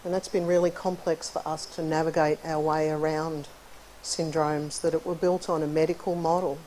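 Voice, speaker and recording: A middle-aged woman giving a friendly, chatty conference lecture in a university hall. She often clears her throat between points. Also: deep voice, little pitch movement, normal speed, dark tone, a little hiss or hum. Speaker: conference keynote speaker, psychologist. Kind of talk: conversational lecture.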